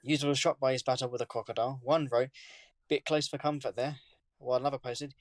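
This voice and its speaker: A man, reading a news story aloud on a podcast in a plain, steady way. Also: medium pitch, quick pace, no echo, clean studio sound. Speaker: podcast co-host.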